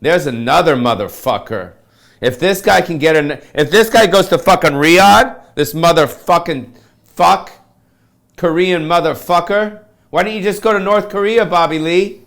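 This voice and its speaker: A comedian man rants to camera in a gravelly voice that sits a touch high. He swears freely, pities himself and talks in loose surfer-dude slang. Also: unhurried, fairly bright tone. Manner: profane, self-pitying, ranting.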